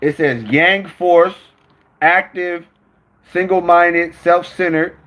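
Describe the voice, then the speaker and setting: A man's voice: high voice, fairly even intonation, takes it slowly, a bit bright. A man telling a rambling, profane story to viewers on his phone stream.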